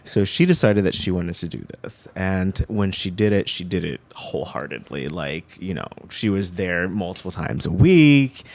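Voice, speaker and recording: A man sharing a personal story as a panel guest, in a measured way with some restarts. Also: sits low, lively intonation, vocal fry.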